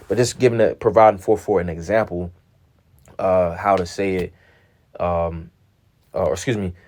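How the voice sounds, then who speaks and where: A man giving an informal scripture lesson, halting and restarting often and checking in with "all right" after nearly every point, reading verses aloud in a plain measured tone. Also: low-pitched, gravelly, dry recording. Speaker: Bible teacher.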